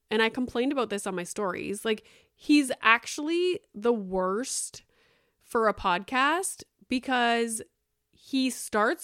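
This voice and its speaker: A woman's voice: on the high side, measured pace, fairly bright tone, clean tone, dry recording, studio quality. A woman in her thirties hosting her own podcast, chatting casually and rambling with lots of fillers and the odd swear word. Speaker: podcast host. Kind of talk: casual solo chat.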